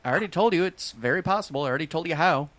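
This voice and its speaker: A man's voice: on the high side, animated, rapid-fire, a bit bright, dry recording. A man co-hosting a casual podcast, making blunt, sarcastic jokes. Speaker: podcast co-host. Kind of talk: casual bar-talk podcast chat.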